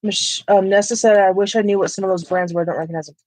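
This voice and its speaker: Playful woman, husky voice. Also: medium pitch, fairly even intonation, quick pace, a little mellow, no room sound, rough recording. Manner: playful, reads viewer comments aloud. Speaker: coloring channel host. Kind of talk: casual chat while sorting pencils.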